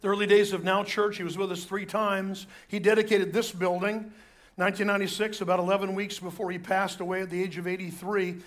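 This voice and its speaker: A man's voice: high-pitched, level tone, brisk, fairly bright tone. A man pastor giving a sermon in a conversational way, with joking asides and restarts.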